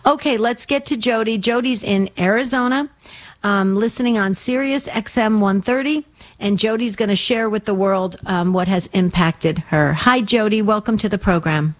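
A woman hosting a call-in radio show, speaking in an encouraging and earnest way. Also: medium pitch. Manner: encouraging, warm, slow and earnest. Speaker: radio host.

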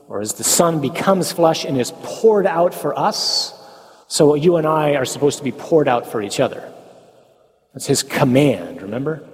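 A man of middle pitch gives a homey teaching talk in a church hall, where the long reverb trails after his words. He throws rhetorical questions at the group and tags his points with a quick "huh?". Folksy, joking asides keep it light. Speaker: speaker at a parish talk on the Mass.

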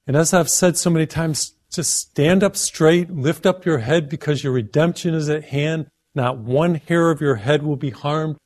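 A man's voice: a little high, normal speed, few pauses, darkish tone. A man preaching a televised sermon, earnest and emphatic, building his points through repeated lists. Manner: earnest, emphatic, list-like repetition.

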